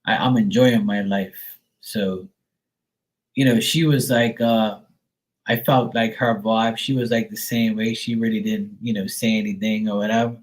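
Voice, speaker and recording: Hosting a live stream, a middle-aged man with a lowish, steady voice rambles through a story for viewers at a moderate pace, swearing often and using many fillers. He mimics people in a raised voice, and the audio quality is poor.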